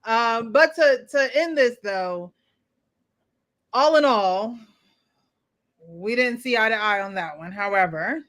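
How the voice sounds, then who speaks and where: A woman hosting a casual group chat, animated and teasing. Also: a little high. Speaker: host.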